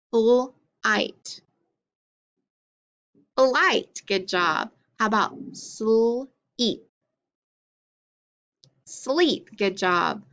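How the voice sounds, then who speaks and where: A woman's voice: medium pitch, bright, forceful tone, lo-fi sound. A woman teaching a phonics lesson to children, drilling letters and sounds with patient encouragement.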